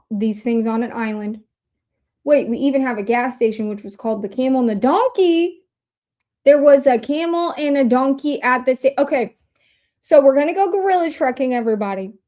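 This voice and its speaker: A bubbly, excitable woman hosts a casual livestream, chatting away to her viewers. Her voice sits high and bright. She talks into a desk mic at her computer. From Indiana, USA. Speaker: livestream host.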